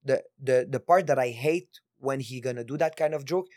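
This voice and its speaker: A man's voice: medium pitch, normal speed, darkish tone, no room sound, studio quality. A man with a Quebec French accent in casual chat, arguing earnestly and stopping to search for his words.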